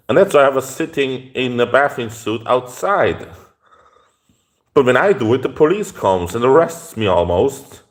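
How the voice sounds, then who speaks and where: A man telling a story in a casual rant, rambling with halting restarts and profane outbursts. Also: mid-range voice, expressive.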